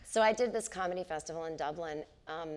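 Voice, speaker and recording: A woman in her forties tells stories in a relaxed onstage conversation, her voice set a little low. She acts out the people she quotes as she goes, picked up by a stage microphone in a theater. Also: quick pace. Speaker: comedian and author, interview guest. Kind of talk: casual onstage conversation, storytelling. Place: theater stage before a live audience.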